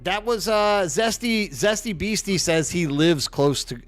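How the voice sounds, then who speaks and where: A man's voice: high voice, expressive, unhurried, no echo, soft background music. A man with an East Texas accent, streaming and chatting casually, rambling and reading chat aloud. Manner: rambling, reads chat aloud, trails off and restarts.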